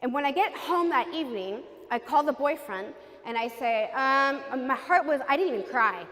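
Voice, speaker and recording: A woman's voice: high-pitched, animated, moderate pace, a bit bright, long reverb tail. A woman telling her personal story in an earnest testimony, acting out the people she quotes. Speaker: speaker giving a personal testimony. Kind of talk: emotional personal testimony talk.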